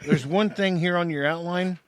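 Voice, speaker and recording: A man's voice: high-pitched, normal speed, noisy background. A man co-hosting a podcast in a studio, bantering and joking in casual chat. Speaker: podcast co-host.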